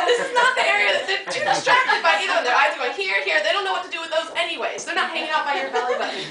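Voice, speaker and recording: American woman, stand-up comedian, high animated voice, playful crowd teasing, echoey club sound. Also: heavy background noise. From United States. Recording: echoey club, mic heard from a distance. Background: audience laughter.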